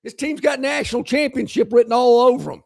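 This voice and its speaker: A man's voice: very high-pitched, brisk, creaky. A man who co-hosts a sports talk show, tossing in wry, folksy, teasing remarks. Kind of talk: sports talk radio debate.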